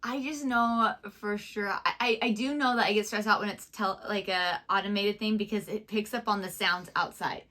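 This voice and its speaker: A woman's voice: medium pitch, steady tone, moderate pace, few pauses, sharp tone. A woman co-hosting a reaction show, chatting casually in a chatty, giggly manner.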